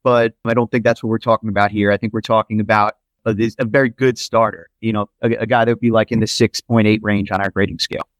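A man's voice: on the low side, little pitch movement, fast, few pauses, no room sound. A man hosting a football podcast, talking in a loose, rambling way with lots of asides and restarts. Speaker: podcast host. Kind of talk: casual sports analysis chat.

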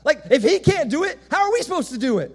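A man's voice: very high-pitched, sing-song, quick pace, big-room sound, voice pushed up, full character voice. A man voicing a worried crowd of ordinary men asking how anyone can be saved. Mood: exasperated. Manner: pleading, exasperated.

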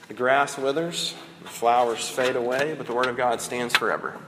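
A man's voice: medium pitch, moderate pace, noisy background. A man in his thirties preaching a sermon in a conversational way, with fillers and restarts. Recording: echoey hall with long reverb.

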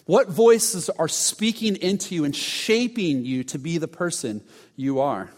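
Pastor preaching in a reverberant hall. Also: male voice, fairly high pitch, animated, measured pace. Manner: storytelling with dramatic drops to a hushed voice. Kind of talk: sermon.

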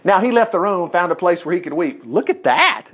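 Male Bible teacher with a high, lively voice; reads the story and comments on it in a folksy way. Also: fairly quick. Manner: animated, folksy asides to listeners.

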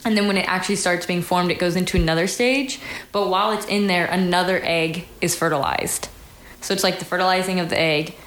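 A woman's voice: on the low side, steady tone, fairly quick, a bit bright. A woman guest on a casual podcast chat, explaining things step by step with dry teasing. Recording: roomy echo, faint noise.

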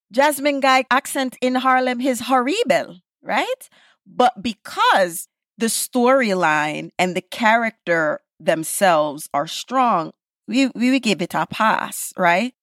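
A woman from the Caribbean, a podcast creator appearing as a guest, talks casually and emphatically in a Caribbean accent, often tacking on tag questions. Her lowish, fairly bright voice comes through in clean studio sound with no room noise.

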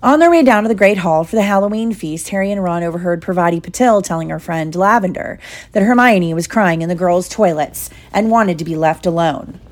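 A woman's voice: on the low side, a little fast. A woman reading a children's novel aloud in a plain storytelling manner. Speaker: audiobook reader.

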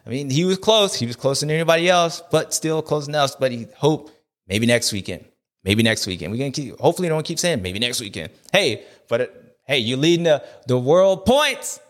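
The host of a race recap show speaks a little fast in a mid-range voice, rambling through an animated, slangy rant full of jokes and asides.

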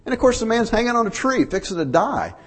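A man's voice: high-pitched, sing-song, fast talker, fairly bright tone, husky. A man preaching a folksy sermon, telling stories to his congregation. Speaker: pastor.

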